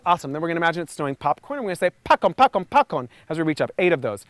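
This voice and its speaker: A man coaching a group outdoors through a vocal warm-up. He is encouraging and energetic, and he calls out sounds loudly. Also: on the high side, very fast, few pauses, no echo. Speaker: voice and communication coach. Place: outdoors near trees and a lake.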